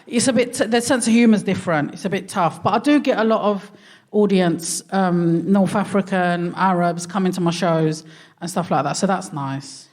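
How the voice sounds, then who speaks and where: A woman's voice: on the low side, moderate pace, darkish tone. A woman with a London accent doing stand-up on a theatre stage, cheeky, slangy and self-mocking. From Hackney, London. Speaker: stand-up comedian and co-host. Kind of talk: stand-up comedy. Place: London theatre stage before a live audience.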